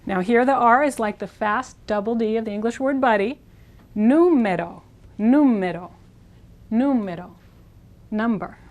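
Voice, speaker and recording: A woman teaching a language lesson, patiently repeating words slowly and clearly, writing on a board as she goes. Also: a little high. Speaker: Spanish teacher. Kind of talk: classroom pronunciation lesson.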